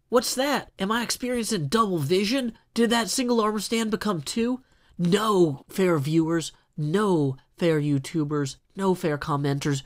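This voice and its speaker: A man's voice: a little high, vocal fry. A man casually talking through his building work in a video game, chatty and self-deprecating, with jokey asides. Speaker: gameplay video host. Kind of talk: casual solo gameplay commentary.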